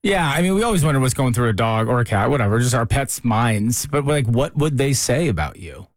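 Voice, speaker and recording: A man's voice: medium pitch, sing-song, brisk, no room sound, clean studio sound. A man hosting a radio show, upbeat and taking calls from listeners. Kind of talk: casual radio talk.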